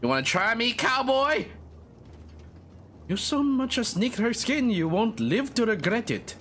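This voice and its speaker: A cocky, menacing bandit with a swaggering drawl, voiced by a man. His threats come in a lively, bouncing voice pitched higher than most men's. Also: measured pace, a little hiss or hum, heavily acted.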